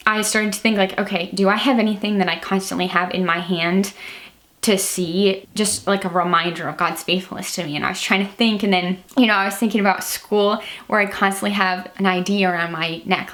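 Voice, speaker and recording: A woman's voice: mid-range voice, fairly bright tone. A young woman with a Midwestern American accent, a teacher sharing Bible reflections in a chatty, rambling vlog talk. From Illinois. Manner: chatty, rambling, many "like" fillers. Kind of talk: casual devotional vlog talk.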